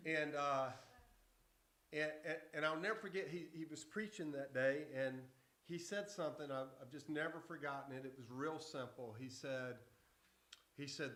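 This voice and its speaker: A man's voice: on the high side, fairly quick, fairly bright tone. A man preaching to an adult church group, telling stories in a folksy, conversational way. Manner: folksy, conversational storytelling with self-interruptions. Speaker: pastor. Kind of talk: casual Bible teaching to adults. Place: church hall. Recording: echoey church room.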